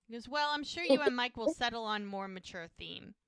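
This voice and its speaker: A woman's voice: a little high, lively intonation, brisk, a bit bright, smooth, dry recording, studio quality. A woman co-hosting a podcast, retelling TV scenes in casual chat and quoting the characters' lines. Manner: retells scenes with quoted dialogue. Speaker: podcast co-host.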